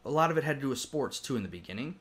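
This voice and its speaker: A man's voice: medium pitch, animated, racing, fairly bright tone. A man co-hosting a podcast, rambling in casual chat, swearing freely and laughing often. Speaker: podcast co-host.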